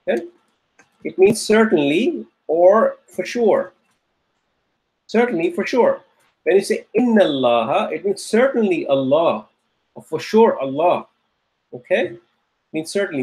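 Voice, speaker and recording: With a slightly high, darkish voice, a man teaches Arabic grammar online. He goes over points again and again with patience, regularly asking his students "okay?"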